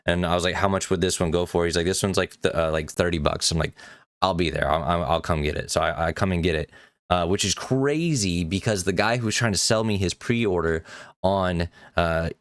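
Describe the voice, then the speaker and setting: Guy with a low smooth voice rambling through a story for his channel, dry close sound. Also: a little fast, no echo. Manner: rambling, many fillers, acts out quoted exchanges. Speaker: trading card collector vlogger. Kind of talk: casual storytelling to camera.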